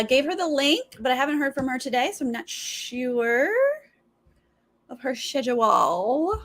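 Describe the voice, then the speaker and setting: A woman's voice: high voice, expressive, a little slow, a bit bright. A woman hosting a live stream, chatting casually with viewers and mimicking other people's voices in her stories. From Los Angeles. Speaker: live stream host reacting to a TV show.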